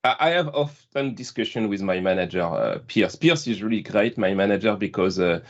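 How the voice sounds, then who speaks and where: A man's voice: lowish voice, fairly quick. A man in his forties with a French accent, chatting casually as a guest and laughing at himself often. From France. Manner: chatty, self-deprecating, laughs often, many restarts. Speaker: guest product manager. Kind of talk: casual video-call chat. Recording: dull lo-fi call audio.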